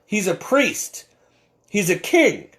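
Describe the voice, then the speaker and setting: A man's voice: high voice, wildly swooping pitch, takes it slowly, fairly bright tone. A man delivering an impassioned, preachy monologue about faith, emphatic and often stumbling over repeated words. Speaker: Catholic commentator.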